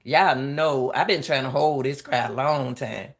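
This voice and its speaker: A middle-aged woman with a bass voice, a retired track coach, hosts live commentary at a measured pace. Her delivery carries a harsh coaching edge, and she grows impassioned, repeating herself to her viewers.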